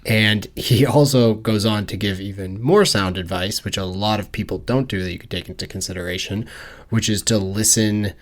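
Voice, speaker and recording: A man co-hosting a casual movie podcast, sarcastic and animated as he mocks the film's characters. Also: lowish voice, moderate pace. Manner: sarcastic, mocking impressions of characters. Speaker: podcast co-host. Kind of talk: casual movie review chat.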